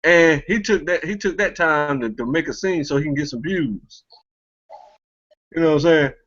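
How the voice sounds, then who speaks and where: A man's voice: on the high side, moderate pace, a bit bright, highs cut off. A man hosting a casual commentary chat, mocking and laughing often, speaking in loose street slang. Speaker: commentary show host.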